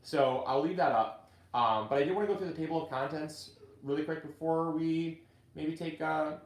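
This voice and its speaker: A man hosting a casual gardening video, chatting in a halting way with many restarts. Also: a little high, roomy sound. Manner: chatty, halting restarts, gets choked up reading. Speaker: gardening channel host and author. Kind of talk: casual live video chat.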